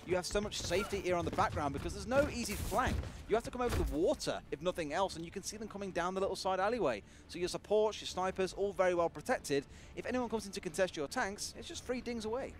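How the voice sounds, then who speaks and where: A man giving live color commentary on a competitive video game match, with rapid, chatty analysis and a few jokes. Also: high-pitched, lively intonation, a little hiss or hum.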